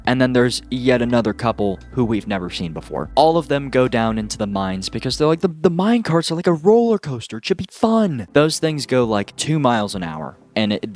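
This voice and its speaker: A man casually recapping a horror movie with sarcastic, excitable asides and lots of fillers. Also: fairly low pitch.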